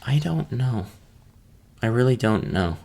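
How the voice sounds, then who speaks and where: A man's voice: medium pitch, lively intonation, unhurried, vocal fry, darkish tone. A man hosting a casual solo podcast, rambling in a laid-back, unsure way as he answers questions about his ASMR videos.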